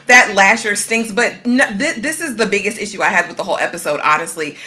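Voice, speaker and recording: A woman's voice: mid-range voice, a little fast, pushed and bright. A woman co-hosting a casual TV recap chat, blunt and opinionated with dry sarcasm. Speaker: co-host on a recap panel.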